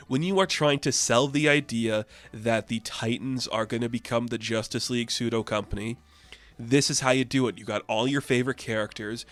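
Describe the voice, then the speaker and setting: A man's voice: medium pitch, fairly even intonation, fairly quick, a bit bright. A man casually reviewing a comic book issue with enthusiastic, chatty recaps.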